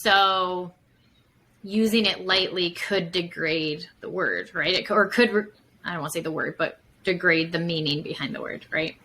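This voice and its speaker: Bright-voiced woman therapist, chatty. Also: lowish voice, normal speed, low-quality recording. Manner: chatty, many fillers, acts out examples. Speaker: licensed psychotherapist guest. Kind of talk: casual podcast conversation.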